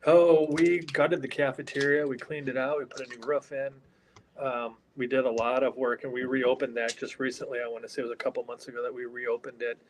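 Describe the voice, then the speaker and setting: Man, mid pitch, casual and hushed, headset mic, faint background hiss. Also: level tone, a little fast, rough recording. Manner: talks quietly, keeping his voice down. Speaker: caretaker of a haunted hospital. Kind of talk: casual interview. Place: inside an old hospital building. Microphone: earpiece headset.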